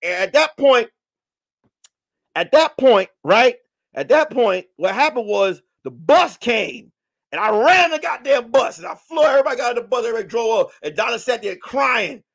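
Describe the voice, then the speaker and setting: A man hosting a comedy podcast, telling a rowdy story, shouting, swearing and acting out the voices. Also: very high-pitched, expressive, normal speed, vocal fry. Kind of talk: animated comic storytelling.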